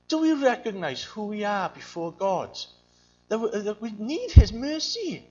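A man's voice: sits high, sing-song, a little slow, lo-fi sound, a little hiss or hum. A man preaching a sermon, earnest and searching, often repeating his phrases. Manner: earnest, repeats phrases, mimics voices in quotes.

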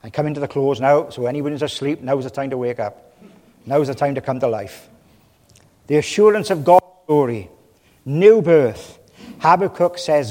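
A man preaching a sermon from a church pulpit, impassioned, with his voice swelling loud and then dropping low. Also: normal speed. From Wales. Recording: long reverb of a large hall.

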